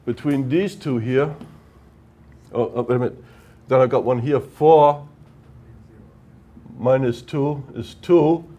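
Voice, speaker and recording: Guy giving a workshop lecture, mellow voice, explains step by step, keeps saying right?. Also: mid-range voice, slow, long pauses. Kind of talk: technical lecture at whiteboard.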